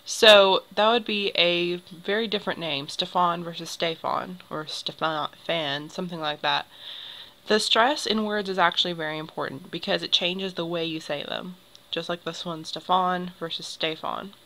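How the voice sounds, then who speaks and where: Young teacher lady walking thru a lesson slowly, crisp bright voice. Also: lowish voice, rough recording. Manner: explains patiently, draws symbols while talking. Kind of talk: classroom lecture on poetry.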